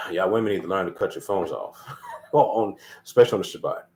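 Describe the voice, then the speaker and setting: A man with a fairly low voice delivers a loose, informal sermon. He scolds his listeners emphatically, repeats his points, and swears freely. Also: animated, a little fast, creaky, darkish tone, a little hiss or hum. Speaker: lay preacher. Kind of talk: casual preaching.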